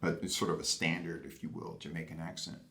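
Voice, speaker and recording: A man's voice: a bass voice, flat delivery, fast, bright, forceful tone. A man from Boston with an American accent, speaking reflectively in an interview and telling anecdotes. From Boston, United States.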